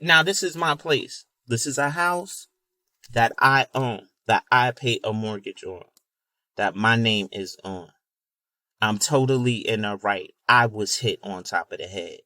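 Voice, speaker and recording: A man's voice: mid-range voice, a little slow, bright, forceful tone. A man telling a personal story in an emphatic, casual way, repeating words and using fillers like "you know.". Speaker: video creator.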